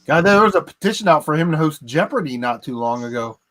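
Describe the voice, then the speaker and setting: A man chatting with friends on a live stream, animated and laughing, with some swearing. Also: fairly high pitch, fast talker. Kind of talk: casual chat on a live stream.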